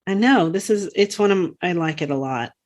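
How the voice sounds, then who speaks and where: Low-voiced, rambling woman co-host. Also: lively intonation, fairly quick, darkish tone. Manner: talkative, laughs often, rambling with fillers. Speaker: podcast co-host. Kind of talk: casual chat.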